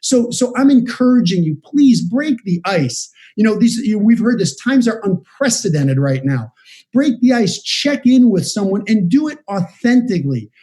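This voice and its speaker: A man giving a direct, energetic motivational training talk, coaching his audience over a video call. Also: high voice, normal speed. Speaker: business trainer. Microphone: video call setup.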